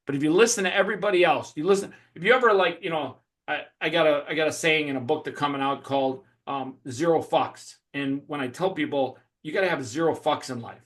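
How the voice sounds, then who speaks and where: Animated preachy man, fairly high voice. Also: moderate pace. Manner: animated, preachy motivational talk with swearing. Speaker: host. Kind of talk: casual interview talk.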